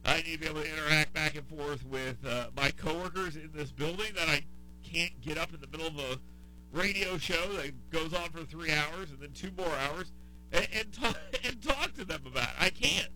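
Southern guy hosting talk radio, high bright voice, rants and repeats himself. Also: normal speed, poor audio. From American South. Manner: exasperated ranting with repetition. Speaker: radio talk show host. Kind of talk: casual talk radio chat.

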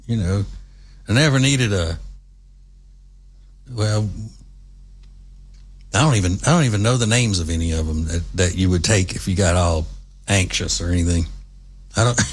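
A middle-aged man, hosting a casual commentary monologue in a rambling, folksy, conversational way. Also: lowish voice. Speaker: commentary show host.

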